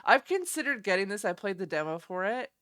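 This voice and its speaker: A woman's voice: medium pitch, very animated, fairly quick, fairly bright tone. A young woman streaming, chatting casually and giggling as she reacts to game trailers. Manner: chatty, giggly, easily delighted.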